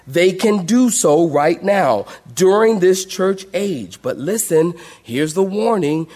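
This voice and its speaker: A man preaching a sermon as pastor, emphatic, swinging between loud declarations and quiet asides to his congregation. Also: sits high. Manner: emphatic preaching, rising and dropping sharply, addressing the congregation.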